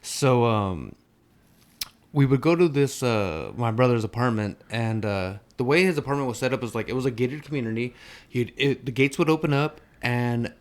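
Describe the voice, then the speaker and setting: A young man co-hosting a podcast, telling a story in a loose, animated, profanity-laced way with lots of fillers. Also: mid-range voice, moderate pace. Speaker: podcast co-host. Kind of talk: casual storytelling chat.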